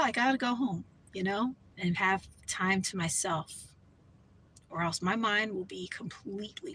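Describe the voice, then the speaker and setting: A woman's voice: medium pitch, pushed and bright, a little hiss or hum, rough recording. A woman vlogger talking in a casual, rambling way, full of "you know" and "like.". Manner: rambling, chatty, heavy on fillers like "you know". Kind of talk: casual vlog chat.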